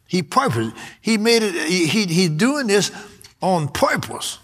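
Man, preacher, bright ringing voice, slightly high, emphatic, repeats key words, sermon. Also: very animated, measured pace.

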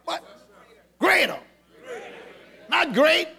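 Shouting, gravelly high-voiced preacher. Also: male voice, big pitch swings, extremely slow. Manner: shouting, call-and-response, repeating words. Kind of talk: sermon. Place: church with congregation.

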